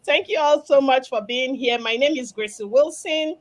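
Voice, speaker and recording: A woman's voice: high-pitched, normal speed. Upbeat Nigerian woman hosting a live stream. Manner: upbeat, promotional. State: has a cough. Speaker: host, business mentor. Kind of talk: live stream panel chat.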